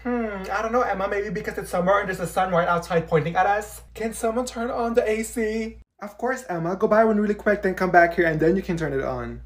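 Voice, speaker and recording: A woman's voice: medium pitch, fairly quick, hardly any pauses. A woman performing a comedy sketch with a sassy, sarcastic delivery. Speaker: TikTok creator. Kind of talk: comedy sketch role-play.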